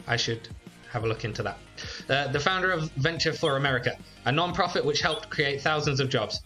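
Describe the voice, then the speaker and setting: Bright-voiced man commenting on a game. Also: fairly high pitch. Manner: chatty, relaxed, frequent fillers. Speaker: YouTuber playing a game. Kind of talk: let's play commentary.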